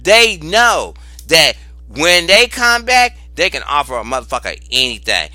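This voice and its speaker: Man, tarot reader, casual vlog, fairly high lively voice, dry sound, faint music behind. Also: unhurried, no room sound. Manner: animated, exclaims and repeats phrases for emphasis; informal, cusses freely.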